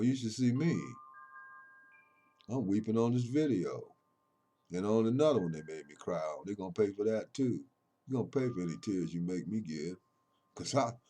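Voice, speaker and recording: A man, a poet, delivering an impassioned spoken monologue about his poems, preachy and emphatic, moving between loud declarations and low, intimate murmurs. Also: animated, normal speed.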